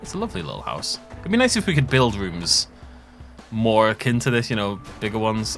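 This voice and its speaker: Male streamer, chatty and self-mocking, very lively pitch, faint game music. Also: fairly quick. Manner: rambling, self-deprecating. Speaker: gaming YouTuber. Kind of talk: casual let's play commentary.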